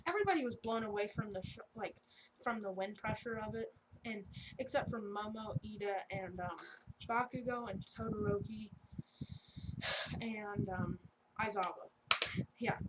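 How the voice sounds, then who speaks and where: A woman casually telling a fan story in a rambling, off-the-cuff way with joking asides. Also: mid-range voice. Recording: steady background noise.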